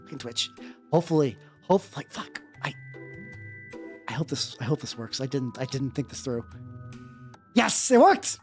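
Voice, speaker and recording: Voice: medium pitch, big pitch swings, normal speed, long pauses, darkish tone. A streamer chatting casually on a livestream while painting miniatures, rambling with many restarts and some swearing. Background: faint background music.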